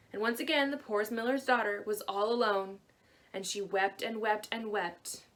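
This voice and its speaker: A woman librarian telling a fairy tale to children in a gentle, expressive way. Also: medium pitch, moderate pace. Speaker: librarian storyteller. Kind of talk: storytelling to children.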